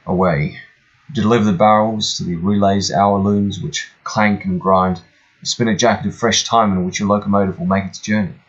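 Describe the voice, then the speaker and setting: A man's voice: fairly low pitch, steady tone, normal speed. A man narrating a video game, reading its text aloud with mock-dramatic flourishes and dry joking asides. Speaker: gameplay narrator. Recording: faint music behind, slightly tinny room.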